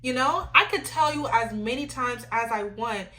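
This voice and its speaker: Bright, animated young woman podcaster. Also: a little high, normal speed. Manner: animated, emphatic, often asks "you know what I'm saying". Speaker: podcast host. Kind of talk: faith-based advice rant.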